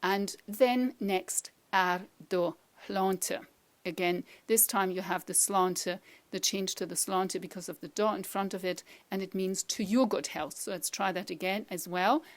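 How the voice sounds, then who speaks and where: Woman teaching a language lesson, says each phrase slow then praises you, mid pitch. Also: fairly even intonation. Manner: encouraging, repeats phrases slowly for the learner. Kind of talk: teaching pronunciation to camera.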